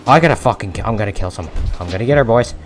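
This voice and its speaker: A young man cursing his way through a shooter match, his voice swinging from low grumbles to sudden high yelps. He sits right on a close mic with his breath in it, and game music plays clearly underneath. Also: very fast. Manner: excitable, cursing, shouting in bursts. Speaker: gaming video creator. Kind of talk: profane live gameplay commentary. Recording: game music playing behind.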